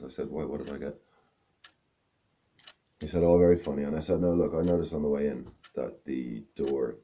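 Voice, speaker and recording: A man's voice: a bass voice, mellow, muffled recording. A man doing stand-up, telling a long rambling story with self-mocking asides. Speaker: stand-up comedian.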